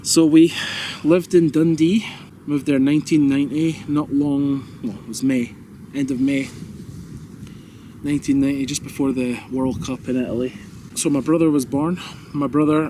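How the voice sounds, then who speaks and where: A man in his thirties with a soft, well-spoken Scottish accent, reminiscing in a rambling, self-correcting way and chuckling often. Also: mid-range voice, little pitch movement, moderate pace, slight background noise. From Scotland. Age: 30s. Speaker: vlogger. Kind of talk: casual reminiscing monologue. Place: outdoors.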